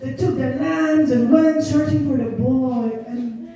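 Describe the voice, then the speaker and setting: A woman teacher tells a story to a class of children, stopping to explain words. Her voice is high and mellow, and she speaks at an unhurried pace. It rings around an echoey classroom and is heard from some distance. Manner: slow and explanatory, defining words. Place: school classroom.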